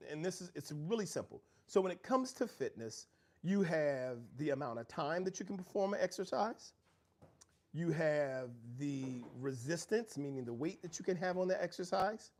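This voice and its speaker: A middle-aged man hosting a motivational livestream from home, talking earnestly about growth and challenge. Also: a little high. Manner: earnest, preachy, reads out viewer chat. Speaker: livestream host.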